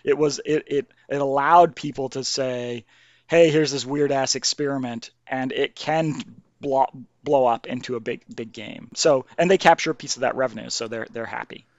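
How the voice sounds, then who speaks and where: A man's voice: medium pitch, moderate pace, no echo. Man, game developer guest, podcast chat, thoughtful, restarts sentences, muffled lo-fi audio. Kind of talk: casual podcast conversation. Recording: dull lo-fi dry sound.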